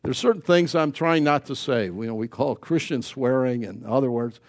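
A man preaching a sermon as pastor, swinging between loud emphasis and quiet asides. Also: mid-range voice, moderate pace.

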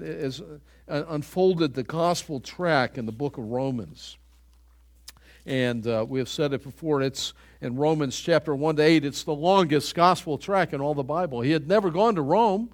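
An older man preaching a sermon to his church in an earnest, conversational way, often restarting his phrases. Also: a little high. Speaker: pastor.

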